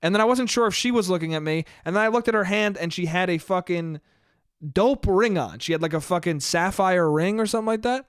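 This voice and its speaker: A man's voice: high voice, brisk, clean tone, no echo, studio quality. A man hosting a solo podcast, telling a story in a casual, profane, self-deprecating way and saying "dude" a lot. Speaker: podcast host.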